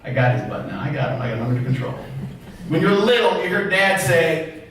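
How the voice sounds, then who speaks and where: A man giving a motivational talk as a therapist, animated, firing rhetorical questions at the audience. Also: fairly high pitch, a little fast, slight background noise. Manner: animated, acts out quoted voices, fires rhetorical questions. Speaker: therapist and public speaker. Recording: echoey hall, voice from far off.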